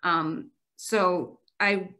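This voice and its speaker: A woman's voice: fairly low pitch, fairly even intonation, very slow, bright, forceful tone. A woman guest on a podcast, telling a long story in an earnest, emotional way, with run-on sentences that tumble one into the next. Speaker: guest, marathon runner.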